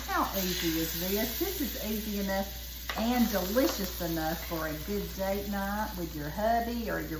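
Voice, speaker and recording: A woman's voice: mid-range voice, background noise. A woman with a Southern US accent hosting a casual home cooking demonstration, chatty and folksy. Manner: chatty, folksy, keeps saying "y'all". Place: home kitchen at the stove. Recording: echoey kitchen with loud frying sizzle. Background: frying and sizzling pan.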